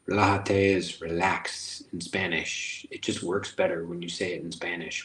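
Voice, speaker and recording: A man's voice: deep voice, little pitch movement, moderate pace, hardly any pauses, a bit bright. A man hosting a casual guided self-help session, who talks in a playful, rambling, jokey way and repeats phrases. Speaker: host. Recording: echoey room.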